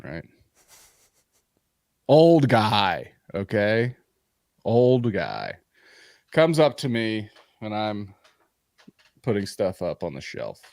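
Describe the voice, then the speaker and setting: A man hosting a comedy podcast, telling a story in a profane, animated, ranting way. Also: on the low side, no room sound, studio quality. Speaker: podcast host.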